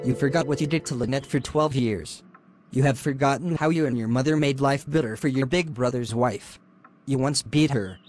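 A man voicing a stern, moralizing father in an animated drama, solemn and lecturing. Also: medium pitch, close to an everyday voice.

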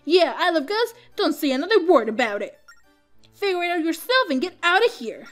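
A woman's voice: very high-pitched, very animated, a little fast, a bit bright, faint music behind, pitched above the performer's own voice, full character voice. A woman reading out a grumpy young man who is fed up with his father. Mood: scornful. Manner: scornful, blunt.

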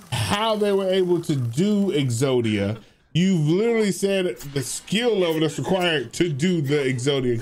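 A man's voice: mid-range voice, darkish tone, slight background noise. A man streaming a game and chatting casually, in a loose, profane, rambling way with frequent restarts. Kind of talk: casual gaming livestream commentary.

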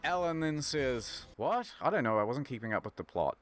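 A young man retelling a video game's story as comedy, mocking the plot and voicing its characters in quick snippets. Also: medium pitch, big pitch swings. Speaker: comedic game recapper.

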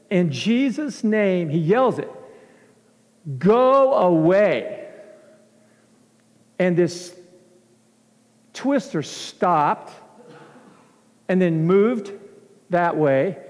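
A man preaching as pastor, telling a story in an animated way and acting out the scenes in a church. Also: sits high. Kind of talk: sermon storytelling. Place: church sanctuary. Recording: long church hall reverb.

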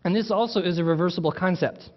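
A man delivers a sermon in a relaxed, conversational teaching manner. His voice sits a little high for a man, and he often circles back to restart a phrase. The recording sounds dull and muffled. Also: quick pace. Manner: conversational preaching with restarts and asides. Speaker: pastor.

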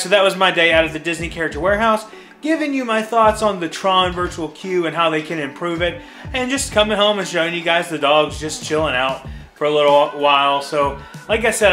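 Man, vlog host, casual, rambling, slightly high voice, faint background music. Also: bright, forceful tone. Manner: chatty, rambling, restarts phrases. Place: at home.

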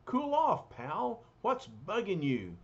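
A man's voice: high-pitched, wildly swooping pitch, takes it slowly, pitched above the performer's own voice, full character voice. A man voicing a brash, cocky young man with a casual joshing manner, in a muffled lo-fi recording. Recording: muffled lo-fi recording, faint hiss.

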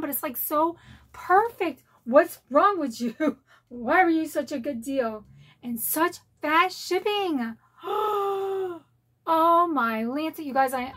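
A middle-aged woman chatting excitedly at home as she unboxes a collectible bag, gasping and gushing. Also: high-pitched. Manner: gushing, gasping, repeats "oh my" exclamations. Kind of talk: excited unboxing vlog chat. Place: home, dogs barking nearby.

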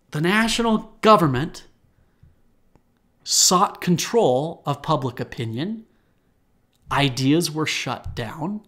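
A man's voice: fairly high pitch, fairly bright tone. A young man hosting a solo podcast, talking earnestly with restarts and fillers. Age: young adult. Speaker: podcast host.

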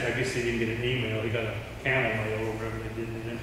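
A man's voice: medium pitch, steady tone, very fast, few pauses, a little hiss or hum. A middle-aged man preaching a sermon, telling stories and acting out the voices of the people in them. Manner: storytelling, acting out quoted voices. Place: large church hall. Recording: distant mic in echoey hall.

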